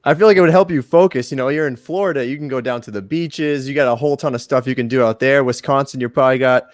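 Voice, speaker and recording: A man co-hosting a podcast, asking relaxed, easygoing questions. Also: mid-range voice, fast, dry recording, studio quality. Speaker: podcast co-host. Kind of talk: casual podcast interview.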